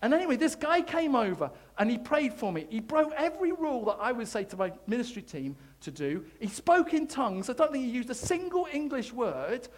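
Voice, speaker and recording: A man preaching a sermon, telling his own faith story in an animated, self-deprecating way. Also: extremely high pitch, a little fast, hardly any pauses. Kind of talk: sermon testimony.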